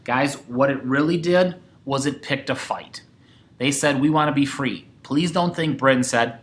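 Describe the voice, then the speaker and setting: A man's voice: medium pitch, moderate pace. A man teaching a sixth-grade history lesson, talking to his class and acting out quoted voices. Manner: animated, acts out quoted voices.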